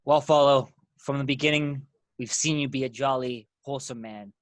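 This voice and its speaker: A man's voice: medium pitch, fairly even intonation, normal speed, no echo. A man playing a tabletop role-playing game, giving earnest in-character speeches. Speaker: player.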